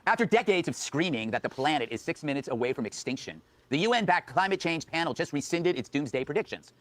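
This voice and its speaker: Man, comedy host, scripted monologue, animated delivery, rapid pace. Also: a little high, dry recording. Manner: snappy punchline delivery. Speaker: late-night comedy host.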